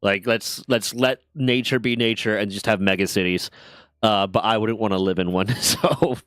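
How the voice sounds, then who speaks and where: A man's voice: fairly low pitch, steady tone, normal speed, fairly bright tone, dry recording. Streamer host: an American man who rambles and curses and laughs easily, recorded dry and up close. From United States. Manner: profane, rambling, laughs often. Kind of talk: casual podcast-style chat.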